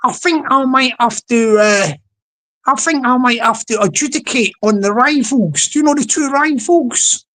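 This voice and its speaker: A woman's voice: high voice, normal speed, fairly bright tone. A woman chatting casually on a livestream, rambling and repeating herself as she talks to viewers. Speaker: live streamer.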